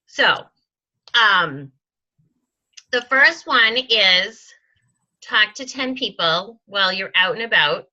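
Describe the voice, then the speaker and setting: A woman with a very bright, sharp voice gives a casual training talk to her sales team. She is chatty, says um a lot and acts out the sample conversations. The recording sounds a little dull and lo-fi. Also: medium pitch, animated, slow pace, long pauses.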